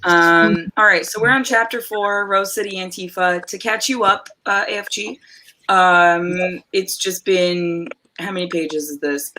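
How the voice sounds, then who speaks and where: A woman's voice: fairly low pitch, fairly even intonation, measured pace, pushed and bright, poor audio. A woman on a video call reading a book aloud on a livestream, mocking it in a casual, jokey, swearing way. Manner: jokey, swearing, laughs often. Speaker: livestream reader.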